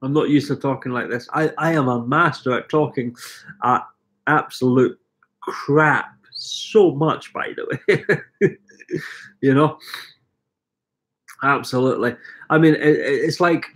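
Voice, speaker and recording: A man's voice: mid-range voice, measured pace, pauses often, fairly bright tone. A middle-aged Scottish man at home with a cold, coughing and chatting self-mockingly on a live stream while reading out viewer comments. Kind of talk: rambling live stream chat. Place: living room at home.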